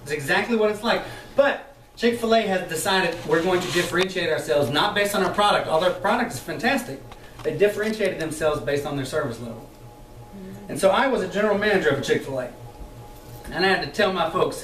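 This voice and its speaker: A man leading a sales training session for a live group, talking in a lively, chatty way, laughing often and acting out the voices he quotes. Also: fairly high pitch, fast, slight background noise. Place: meeting room with an audience. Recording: echoey room, mic far off.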